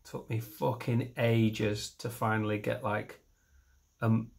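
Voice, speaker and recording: A middle-aged stand-up comedian from northern England delivers a rambling, self-deprecating set, mixing in silly voices. His voice is lowish, creaky, and darkish, with a flat delivery and a slow pace.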